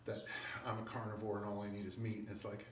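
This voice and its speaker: An older strength coach in casual vlog talk, blunt and wry, rambling through asides between lifts. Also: male voice, fairly low pitch, completely flat delivery, fast, slight background noise. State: out of breath. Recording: echoey room, mic at a distance.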